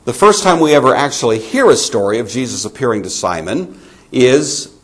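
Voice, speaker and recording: A man teaching a Bible lesson in a conversational, emphatic way. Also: moderate pace. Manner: conversational, emphatic, animated pitch. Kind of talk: sermon-style Bible lecture.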